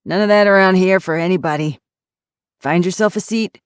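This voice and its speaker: A woman voicing a grumpy retired male detective in his sixties, hoarse, with a Yooper twang and curt, suspicious speech. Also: high-pitched, fairly quick, no echo, clean studio sound, lightly acted. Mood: gruff. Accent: Yooper (Upper Michigan). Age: 60s.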